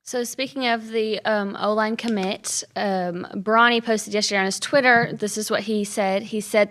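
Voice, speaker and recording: A woman's voice: medium pitch, fairly even intonation, moderate pace, hardly any pauses, fairly bright tone. A woman reporting social media news on a sports radio show, reading from notes and correcting herself. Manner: reads notes, apologetic corrections. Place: radio studio.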